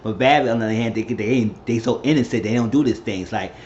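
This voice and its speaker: Guy doing a chatty tv recap, mid pitch, kinda dull lo-fi sound w faint hiss. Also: fast talker, a little mellow. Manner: rambling storyteller, acts out quotes. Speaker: reality TV recap host. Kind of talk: casual recap vlog. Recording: slightly dull lo-fi audio.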